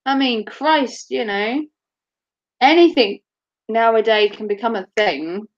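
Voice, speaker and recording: Woman, livestreamer, casual chat, slightly high voice, giggles and swears. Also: muffled recording. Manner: giggly, swearing, chatty, slow-paced. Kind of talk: casual live stream chat.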